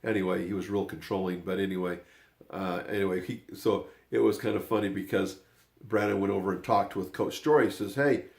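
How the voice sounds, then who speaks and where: An older man with a rough, gravelly voice pitched a little low tells a family story. He rambles and drifts off track, then pulls himself back with another "anyway". It's loose, casual storytelling. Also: steady tone, a little fast, a little mellow. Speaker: grandfather telling family stories.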